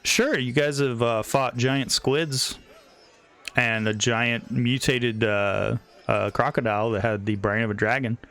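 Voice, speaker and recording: A man narrating as game master of a tabletop game, in a slow, loose way with many fillers. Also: medium pitch, steady tone, a bit bright, soft background music.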